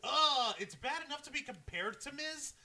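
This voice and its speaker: A man co-hosting a live wrestling review show, excitable and rambling, reacting loudly to the other host. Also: very high-pitched, normal speed. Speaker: podcast co-host. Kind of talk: casual wrestling review chat.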